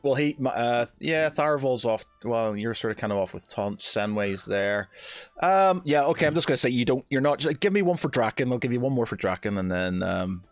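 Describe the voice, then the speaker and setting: A man's voice: mid-range voice, expressive, a little fast, no echo. Game master guy, um-ing a lot, dry close sound, faint music under. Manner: rambling, filler-heavy, self-correcting. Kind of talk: casual tabletop game narration.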